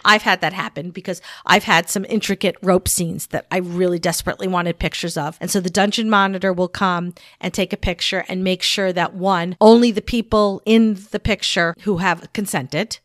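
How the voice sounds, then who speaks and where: A woman's voice: lowish voice, fairly even intonation, normal speed, hardly any pauses, a bit bright, no room sound, clean studio sound. A woman co-hosting a podcast in casual chat, explaining rules steadily and teasing her co-host.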